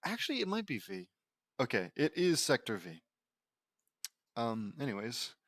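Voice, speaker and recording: A man's voice: medium pitch, wildly swooping pitch, moderate pace, a bit bright, no room sound, clean studio sound. A man reading fan fiction aloud with stumbling, rambling asides and restarts. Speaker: audiobook reader.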